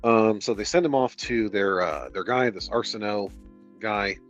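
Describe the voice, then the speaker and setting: Exasperated low-voiced man reading aloud. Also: measured pace, dull audio, soft background music. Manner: exasperated, sarcastic, swears a lot. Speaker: streamer reading a book aloud. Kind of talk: reading aloud with profane commentary.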